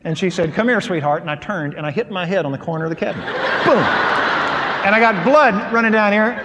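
Middle-aged guy preaching, high-ish voice, folksy funny storyteller, big hall echo. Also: fast talker, background noise. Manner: animated, folksy storyteller acting out quotes. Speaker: pastor. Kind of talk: humorous sermon storytelling. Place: large hall with audience. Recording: hall reverb with faint ambience.

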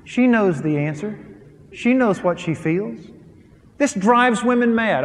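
A male pastor with a high voice speaks slowly, preaching on marriage to a live audience. He is emphatic and animated, his volume swinging between loud and soft, with the long reverb of a large hall around him.

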